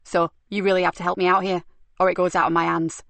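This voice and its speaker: A woman's voice: lowish voice, level tone, fast, vocal fry, fairly bright tone, dry recording. A woman voicing a blunt senior male police superintendent in an audiobook.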